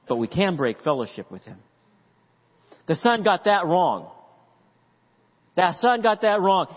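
A man preaching a sermon as pastor, animated and acting out voices in the story. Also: sits high. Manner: animated preaching, acts out the father's voice. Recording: dull lo-fi audio with long hall reverb.

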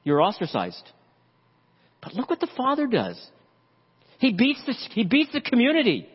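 A man preaching a sermon as pastor, animated and acting out voices in the story. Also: very high voice, moderate pace, slightly rough. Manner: animated preaching, acts out the father's voice. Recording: dull lo-fi audio with long hall reverb.

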